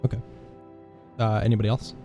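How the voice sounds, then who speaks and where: A man's voice: fairly low pitch, flat delivery, fast, mellow, soft background music. A man narrating as game master of a tabletop game, talking loosely with lots of filler words and restarts.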